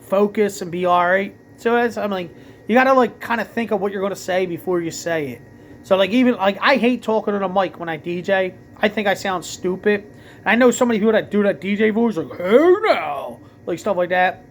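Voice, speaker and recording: A man with a thick Philadelphia accent rambles through a casual late-night vlog rant. His voice sits high for a man, and he strings thoughts together with constant fillers and self-corrections. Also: a little hiss or hum. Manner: rambling, heavy with "like" fillers and restarts. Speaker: vlogger and DJ.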